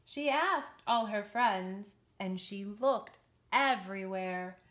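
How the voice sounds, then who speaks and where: A woman teacher reading a picture book aloud to children in an expressive, sing-song, encouraging way. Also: mid-range voice, takes it slowly. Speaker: children's yoga and story teacher.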